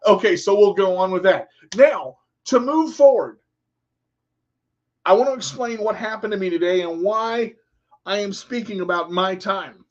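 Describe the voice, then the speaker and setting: A man's voice: high-pitched, muffled recording. A man hosting a radio show, giving an earnest, rambling motivational monologue with repeated words.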